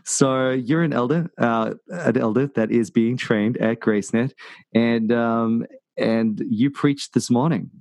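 A man's voice: medium pitch, measured pace, vocal fry, a little mellow, no echo. A man hosting a casual podcast chat, rambling and jokey, full of ums and restarts. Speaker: podcast host.

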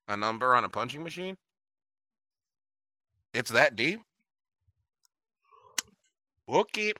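A man's voice: mid-range voice, slow, pauses often, dry recording. A man co-hosting a casual chat, telling profane stories and acting out the people in them. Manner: profane, animated storyteller doing voices. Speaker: podcast co-host.

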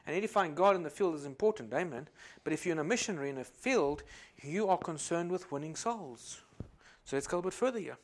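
A high-pitched man from Africa preaching from the pulpit. He rises into loud, fervent exhortation, then drops to quiet, chatty asides. Amens and hallelujahs run through everything he says. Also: expressive, fast talker. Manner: swings between loud exhortation and quiet asides, peppered with amen and glory to God. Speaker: pastor. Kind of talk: sermon.

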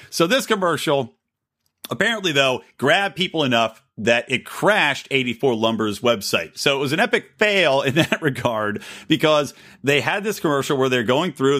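A man hosting a solo political podcast, talking in a sarcastic, mocking, animated way. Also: mid-range voice. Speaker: podcast host.

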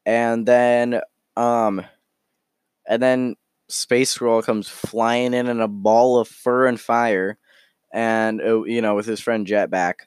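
A man voicing a gentle, lonely young man who talks haltingly and rambles. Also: lowish voice, clear, resonant tone, no echo, studio quality, lightly acted.

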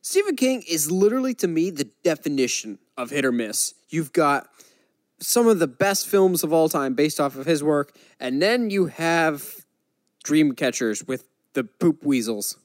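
Animated man hosting a casual chat. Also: on the high side, no echo. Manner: animated, joking, quick asides. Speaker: podcast co-host.

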